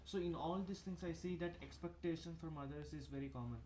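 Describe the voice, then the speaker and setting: A man's voice: a little high, quick pace, warm tone. A man in the audience asking a question hesitantly, with fillers, then thanking the teacher. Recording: roomy echo, faint noise.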